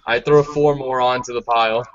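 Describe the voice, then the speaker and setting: A man narrating his character's moves in a tabletop game with a teasing, deadpan manner. The recording is dry with no room sound, and muffled and lo-fi. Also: medium pitch, moderate pace, dry recording. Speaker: player. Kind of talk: casual tabletop play.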